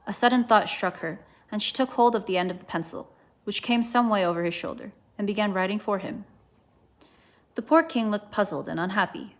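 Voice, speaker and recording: A woman reads a children's classic aloud, with gentle, even storytelling. Her voice sits at a middle pitch for a woman, neither high nor low. She narrates at a calm pace. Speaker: volunteer reader. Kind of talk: reading a children's book aloud.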